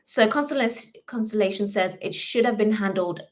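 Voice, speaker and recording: A woman's voice: mid-range voice, moderate pace. A British woman co-hosting a live chat stream, chatty and reading out viewer comments. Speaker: livestream co-host.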